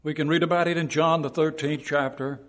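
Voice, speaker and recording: Preacher guy telling stories in church, kinda high voice, big echoey reverb, gets loud on the quotes. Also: steady tone, fairly quick. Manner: dramatic storytelling, rising to shouted quotes. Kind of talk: sermon.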